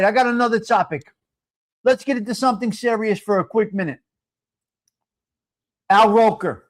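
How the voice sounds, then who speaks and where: A man nearing sixty, talking to his live viewers in a voice pitched high for a man. He rants loudly and swears freely, calling his viewers by name as he goes. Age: 50s. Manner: loud, profane, ranting, addresses viewers by name. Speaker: live-stream host. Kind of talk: casual chat to live chat viewers.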